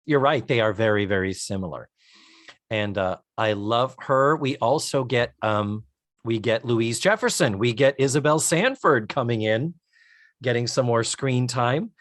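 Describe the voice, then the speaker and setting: On a clean, dry studio track, a man from the United States speaks at medium pitch and a slightly slow pace. As a podcast co-host, he eagerly walks through a TV episode in detail, animated and casual.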